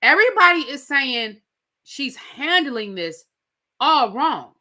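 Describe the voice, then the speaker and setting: A bright, high-pitched woman with cadence runs through a reality TV episode. Her voice swoops up and down as she acts out the cast's lines and throws in slangy asides, all in an easy, chatty recap. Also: takes it slowly. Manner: animated storyteller acting out quotes, slangy asides. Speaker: reality TV reviewer. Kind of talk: casual recap commentary.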